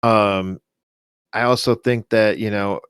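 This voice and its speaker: A man's voice: lowish voice, steady tone, slow pace, a bit bright, clear, resonant tone, no room sound, studio quality. A man co-hosting a fantasy football podcast, talking casually with many restarts and self-corrections. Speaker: podcast co-host.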